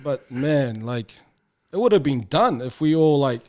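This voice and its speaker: A man's voice: a little high, normal speed. A man talks bluntly and swears freely as an interview guest. He tells stories in a casual way and keeps slipping into other people's voices. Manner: blunt and profane, animated with quoted voices. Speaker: guest, former rugby player.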